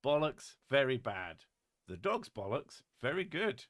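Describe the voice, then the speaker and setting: A British streamer chats casually and reads viewer messages aloud in a dry, joking way, dropping the odd swear word. His mid-range voice is unhurried, and the sound is clean studio audio without echo.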